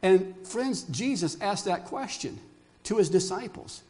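High-voiced older man preaching a sermon. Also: a little slow. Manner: animated storyteller who asks the congregation questions. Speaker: pastor.

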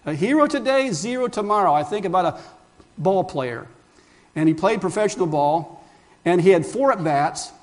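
A male pastor with a high, animated voice preaches emphatically at normal speed. He poses rhetorical questions and addresses the congregation as friends.

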